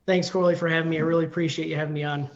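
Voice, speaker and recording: A man's voice: fairly high pitch, level tone, very fast, highs cut off. A man in his forties, a firefighter guest, telling a story casually with many ums and you-knows.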